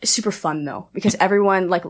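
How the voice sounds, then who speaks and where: A young woman guest in a casual interview, telling a story quickly and chattily, with lots of "like" and laughter. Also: lowish voice. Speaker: aspiring wrestler guest.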